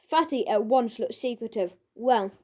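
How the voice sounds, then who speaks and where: A woman narrating a children's audiobook in a measured storytelling manner. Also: on the high side, a little mellow.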